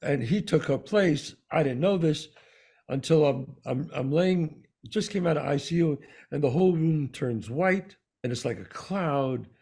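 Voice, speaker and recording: New york guy with a gravelly voice, co-hosting a talk show, acts out every line of his story. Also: fairly high pitch, measured pace. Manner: animated storyteller, acts out quoted dialogue. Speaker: podcast co-host. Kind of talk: storytelling in casual conversation.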